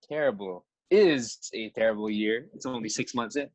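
A man's voice: on the low side, normal speed, dry recording. A man joining a podcast as a guest, joking and playful in casual chat over a webcam call. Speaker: guest artist. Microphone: video call setup.

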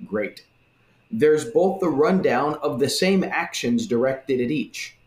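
A man in a casual religious discussion who talks in an animated way and acts out the voices he quotes. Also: mid-range voice, slow pace. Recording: roomy echo.

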